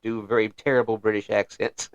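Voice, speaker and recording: A man's voice: on the low side, little pitch movement, brisk, clear, resonant tone, no room sound, lo-fi sound. An American man hosting a casual interview podcast, joking and laughing between lines. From United States. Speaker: podcast host.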